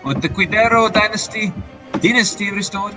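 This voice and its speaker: A man's voice: high-pitched, over music, pitched above the performer's own voice, natural voice, poor audio. A man voicing a flamboyant young male fox prince in a put-on Spanish accent, grandiose and theatrical. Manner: grandiose, theatrical, drawn-out words.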